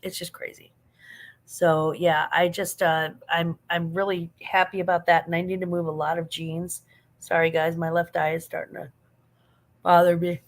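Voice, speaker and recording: A woman's voice: fairly low pitch, level tone, normal speed. A middle-aged woman hosting a casual live chat, answering viewers with laughs and affection while yawning and sleepy. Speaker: livestream host answering chat.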